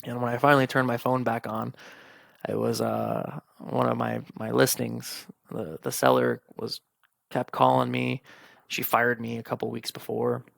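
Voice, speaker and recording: A young man hosts a podcast, frankly telling a personal story, swearing freely and acting out the conversations he's retelling. His mid-range voice is expressive and gravelly with a fairly bright tone, at a moderate pace, in a dry recording.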